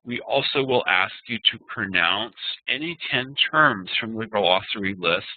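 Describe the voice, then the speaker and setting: A man teaching an online class, explaining terms and slowly chanting Sanskrit verses. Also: medium pitch, no room sound. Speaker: Ayurveda teacher. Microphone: video call. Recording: tinny phone-like web call audio.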